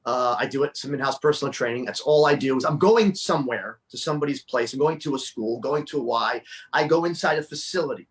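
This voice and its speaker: A man chatting as a guest, an excitable storyteller who restarts his sentences a lot. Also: mid-range voice, quick pace. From New Jersey. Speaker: guest, children's fitness performer. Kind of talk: casual interview chat.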